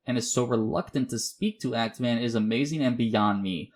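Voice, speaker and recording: A man hosting a commentary video, reading his script somewhat haltingly in a measured, questioning tone. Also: medium pitch. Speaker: YouTube commentary host.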